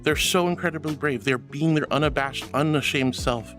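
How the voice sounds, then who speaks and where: A woman's voice: low voice, moderate pace, fairly bright tone, soft background music. A woman streaming from home, chatting casually with her viewers in a bubbly, affectionate, giggly way. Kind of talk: casual livestream chat reading comments.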